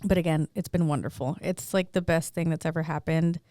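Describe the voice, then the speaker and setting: A woman's voice: deep voice, steady tone, a little fast, dark tone, dry recording, clean studio sound. A young woman hosting a podcast, telling a personal story in a candid, chatty way. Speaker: podcast host. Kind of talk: casual chat.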